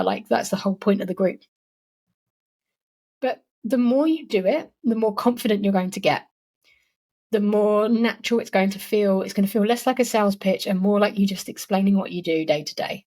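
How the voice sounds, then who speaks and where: A woman's voice: medium pitch, darkish tone. A woman hosting a solo podcast, giving marketing advice in a chatty, encouraging way with frequent "like" and "you know". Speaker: podcast host.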